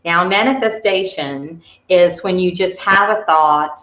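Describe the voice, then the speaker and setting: At a measured pace, a woman with a fairly low, slightly bright voice leads a motivational workshop. She tells personal stories chattily with frequent restarts, and the sound is roomy and dull.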